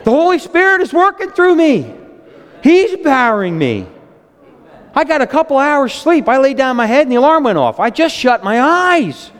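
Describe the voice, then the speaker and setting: A man in his fifties preaching a sermon with excitable storytelling, speaking. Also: normal speed, big-room sound. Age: 50s. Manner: excitable, storytelling, animated swings in pitch.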